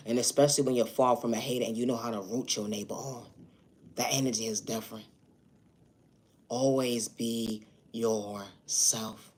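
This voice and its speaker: A self-made video creator gives his viewers an earnest, insistent motivational monologue, returning again and again to a few set phrases as refrains. His voice is mid-range with a fairly bright tone.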